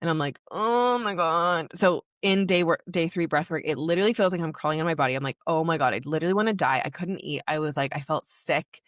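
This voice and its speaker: A woman's voice: deep voice, quick pace, few pauses, no room sound, studio quality. Candid young woman telling a personal story. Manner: candid, emotional, heavy use of "like". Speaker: podcast host.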